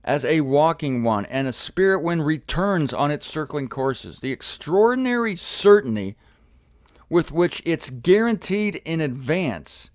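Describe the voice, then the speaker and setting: A man teaching from scripture in an energetic, animated way, repeating words for emphasis and getting excited. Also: fairly high pitch, a little slow, dry recording, clean studio sound. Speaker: Bible teacher.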